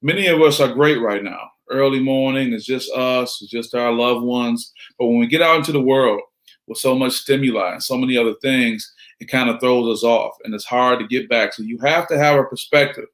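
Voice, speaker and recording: A man's voice: mid-range voice, normal speed, fairly bright tone. Middle-aged male motivational speaker, preachy, fond of rhetorical questions. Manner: preachy, rhetorical questions, greets listeners by name. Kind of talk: motivational talk.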